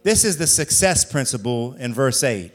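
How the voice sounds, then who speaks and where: Preaching from the pulpit, this man reads scripture at a steady, measured pace and hammers his message home through rhetorical questions asked again and again. His voice is mid-range and expressive.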